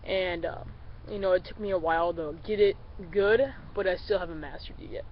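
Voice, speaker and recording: A man's voice: high-pitched, steady tone, brisk. A man who is a little under the weather talks through a beginner's duck calling lesson in a loose, rambling way, often calling his viewers guys. The recording is a bit dull and lo-fi, with faint road noise in the background. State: a little sick. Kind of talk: casual tutorial.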